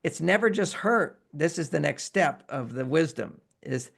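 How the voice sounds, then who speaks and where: A man's voice: fairly high pitch, a little slow, creaky. A man who is a relationship expert, explaining emotions in an interview and acting out example phrases. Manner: animated, acts out example phrases in quotes.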